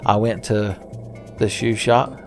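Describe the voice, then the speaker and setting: A man's voice: lowish voice, flat delivery, slow pace, faint music behind. A man hosting a casual let's-play video, rambling with sarcastic, profane jokes. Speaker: gaming video host.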